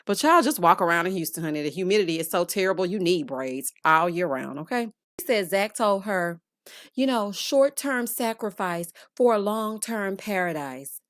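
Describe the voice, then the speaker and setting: Sassy, lively woman recapping reality TV. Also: mid-range voice, normal speed, dry recording, studio quality. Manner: sassy, calls viewers honey and child, bursts of laughter. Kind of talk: casual chatty recap.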